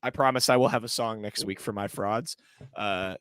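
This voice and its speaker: A man's voice: lowish voice, moderate pace, a bit bright, clear, resonant tone, no room sound. Joking man on a dry podcast mic. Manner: joking, playful, trails off into rambling asides. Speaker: podcast co-host. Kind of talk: casual chat.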